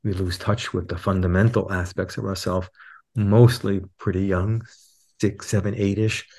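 A man with a lowish voice talks through ideas in a reflective podcast conversation. He is an animated storyteller who jumps his pitch up whenever he acts out what someone else says. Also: normal speed. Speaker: guest teacher.

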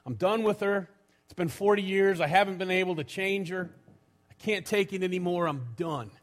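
A man's voice: sits high, normal speed, faint music behind, voice pushed up, lightly acted. A man voicing a grumpy older father from New York with a New York accent, blunt and exasperated. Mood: fed up. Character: grumpy older father fed up with his wife.

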